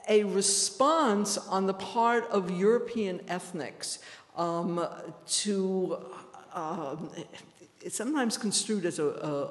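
A woman from New York with a New York accent, a history professor giving a measured, explanatory lecture and talking directly to her audience. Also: fairly low pitch. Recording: echoey hall.

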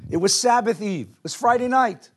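A man teaching a Jewish text class to a live audience, animated, asking the room questions and mixing in Hebrew and Yiddish words. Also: very high voice, moderate pace, husky.

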